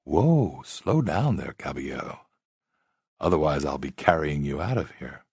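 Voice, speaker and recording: A cool young woman who needles with dry wit and never hurries, put on by a male storyteller. She speaks deep and hushed, her slow lines carrying a husky grain. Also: lively intonation, dry recording, heavily acted. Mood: dry teasing. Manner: dry, teasing, unhurried. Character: dry-witted, self-assured young woman, a stripper.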